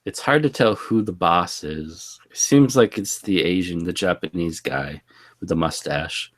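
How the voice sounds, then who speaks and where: A man co-hosting a casual podcast, recounting a movie's plot in a relaxed way with frequent laughs. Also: low-pitched, unhurried. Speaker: podcast co-host. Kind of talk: casual movie commentary chat.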